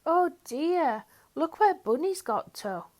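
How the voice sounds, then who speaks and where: A woman voicing a caring, lively young girl in a read-aloud storybook, with a bright, expressive child voice. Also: sits high, slow, voice pushed up.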